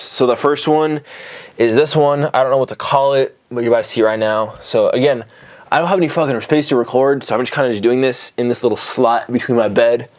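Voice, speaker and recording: Breathless young man coaching a home workout. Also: medium pitch. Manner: loose and rambling, swears casually. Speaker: fitness vlogger. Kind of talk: casual workout instruction. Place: small bedroom at home. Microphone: camera on a tripod.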